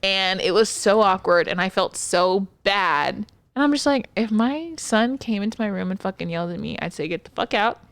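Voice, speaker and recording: A woman telling a work story in casual chat, animated and swearing freely. She acts out the quotes as she goes. The sound is dry and close. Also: mid-range voice, normal speed, clean tone, no echo. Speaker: podcast co-host; occupational therapist.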